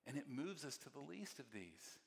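A man preaching a sermon, telling stories with excitement and then dropping to hushed, tender moments. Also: medium pitch, moderate pace, vocal fry, slightly rough. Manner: storytelling, swings from excited to very soft and hushed. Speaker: pastor. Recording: long hall reverb.

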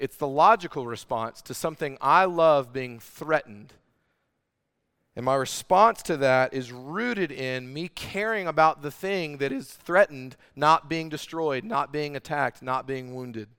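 A man preaches a sermon with a smooth, resonant voice at an ordinary pitch. He speaks earnestly and with animation, often pausing to put direct questions to his listeners. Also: a bit bright. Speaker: pastor. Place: large room with congregation.

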